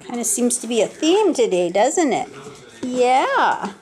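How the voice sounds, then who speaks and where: A woman's voice: fairly high pitch, very animated, takes it slowly, darkish tone, soft background music. An older woman at home, filming her puppies and chatting in a playful sing-song baby-talk voice. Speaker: puppy owner filming her dogs. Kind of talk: casual home video chat. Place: indoor room at home with puppies.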